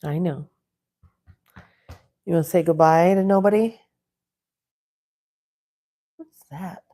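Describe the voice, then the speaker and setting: A woman's voice: fairly low pitch, slow, warm tone. A woman hosting a casual live chat from home, chatting along and playfully scolding her dogs. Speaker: livestream host.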